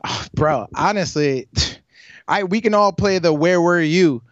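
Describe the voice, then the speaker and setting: A man co-hosting a podcast in casual chat, excitable, swearing freely and restarting his sentences. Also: sits high, measured pace, dry recording, highs cut off. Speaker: podcast co-host.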